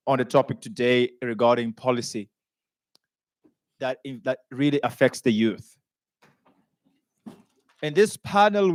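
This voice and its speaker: A male master of ceremonies at a summit with a fairly high voice, heard close and dry. He chats and jokes with the room as he introduces the next panel, stumbling over the guests' names. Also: no echo. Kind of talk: event hosting, introducing a panel. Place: conference hall.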